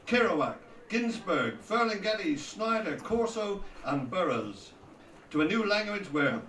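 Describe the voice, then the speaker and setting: A man narrates a memoir in a wry, mocking storyteller's manner. His voice sits a little high and bright. The recording is roomy, with the mic some way off. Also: slight background noise. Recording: roomy echo, distant from mic.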